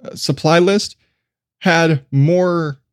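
High-voiced rambling podcast host, man. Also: very slow, clean tone, no echo, clean studio sound. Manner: self-deprecating, swears freely, laughs often. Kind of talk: casual rambling podcast monologue.

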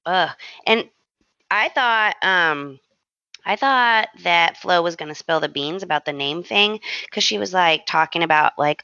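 Bright, playful woman co-host on a dry mic. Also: lowish voice, animated, a little slow, no room sound. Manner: playful, quips and reacts. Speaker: podcast co-host. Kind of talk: casual chat recapping a soap opera. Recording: dry, slightly dull lo-fi audio.

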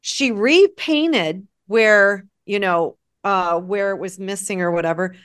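A woman in casual conversation, telling a personal story in an animated way and acting out the dialogue. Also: mid-range voice, slow pace, smooth. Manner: animated, acts out quoted dialogue. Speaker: guest sharing a story.

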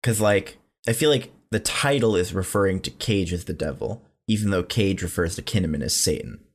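Low-voiced man with dry teasing humor. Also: fairly quick. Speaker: podcast co-host. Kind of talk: casual movie review chat.

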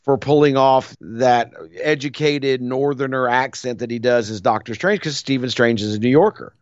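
A man's voice: medium pitch, normal speed, clear, resonant tone, no echo. A man, co-hosting a casual movie chat and slipping into mock voices. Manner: animated, slips into mock voices and laughs. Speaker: podcast co-host. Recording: dry, slightly dull audio.

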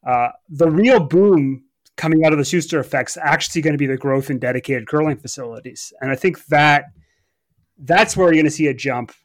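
A man's voice: medium pitch, no echo, studio quality. A man co-hosting a sports podcast in casual chat, opinionated but hedging, with frequent restarts. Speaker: podcast co-host.

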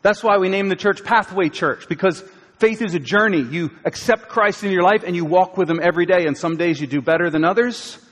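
A man preaching a sermon as pastor, conversational, swinging from loud acted quotes to hushed lines. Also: fairly high pitch. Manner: conversational, dramatic shifts between loud and hushed. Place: church auditorium. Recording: long reverb of a church hall.

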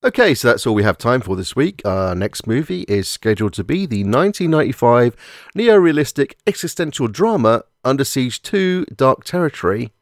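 A man's voice: mid-range voice, no room sound, studio quality. A man hosting a casual movie podcast, with wry, rambling, joking patter. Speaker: podcast host.

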